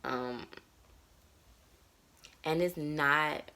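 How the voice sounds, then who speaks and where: A woman in her thirties speaks in a personal vlog, reflective and emotionally open. Her voice sits very low, with plenty of vocal fry. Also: very slow, pushed and bright. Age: 30s. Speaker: vlogger. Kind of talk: candid personal monologue.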